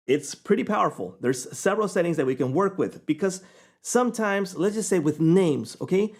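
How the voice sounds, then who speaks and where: A man giving a casual, chatty screen-recorded software tutorial, often checking in with the viewer. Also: fairly high pitch. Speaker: software reviewer.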